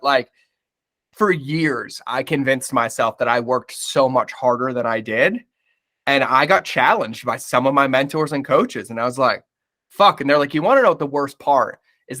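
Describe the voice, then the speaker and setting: A man's voice: medium pitch, pushed and bright. A man talking candidly as a podcast guest, blunt and emphatic, swearing often and calling the listener "bro".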